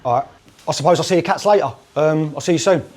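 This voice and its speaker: A man's voice: on the high side, fast, roomy sound, a crowd in the background, close to an everyday voice. A middle-aged man playing a cocky East End geezer who tries out estate agency, with chirpy cockney patter and rhyming slang. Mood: deflated. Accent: London East End. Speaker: comedy character. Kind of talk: improvised comedy sketch.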